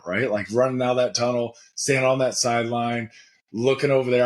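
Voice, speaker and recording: A man in his forties, a former pro football player and podcast guest, telling lively, candid stories in casual conversation. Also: medium pitch. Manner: energetic, candid, animated retelling. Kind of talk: conversational storytelling.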